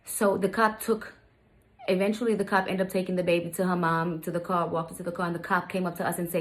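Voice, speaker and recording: A woman's voice: on the low side, little pitch movement, quick pace. Chatty woman telling a story. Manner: chatty, repeats "you guys" to viewers. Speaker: vlogger. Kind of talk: casual storytime.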